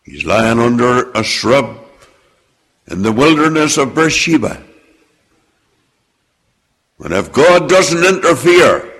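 A man preaching a sermon and reading scripture aloud, with slow, emphatic delivery that sinks low and quiet at the ends of phrases. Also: vocal fry, husky. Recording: long hall reverb.

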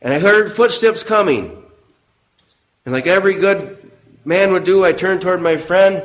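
A middle-aged man preaching a sermon, telling a story earnestly and dropping low and quiet on solemn phrases. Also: low-quality recording.

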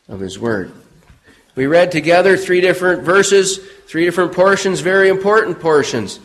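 A middle-aged man preaching a sermon, telling a story earnestly and dropping low and quiet on solemn phrases. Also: animated, moderate pace, poor audio.

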